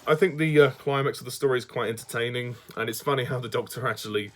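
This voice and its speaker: A man's voice: medium pitch, quick pace. Chatty Southern English man, hesitant. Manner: hesitant, restarts and laughs often. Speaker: TV reviewer. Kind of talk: casual spoken review.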